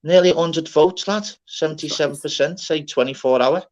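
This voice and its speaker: A man's voice: on the high side, brisk. A man hosting a live stream, bragging and swearing in loose casual banter. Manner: boastful, slangy, swears freely. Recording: dull lo-fi stream audio.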